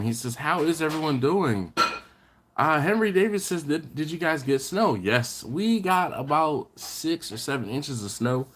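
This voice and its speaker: A man hosting a barbecue live stream from home, chatting casually, reading viewer comments and thanking people by name, often restarting his sentences. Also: a little high. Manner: rambling, self-correcting, thanks viewers warmly by name. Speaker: barbecue channel host.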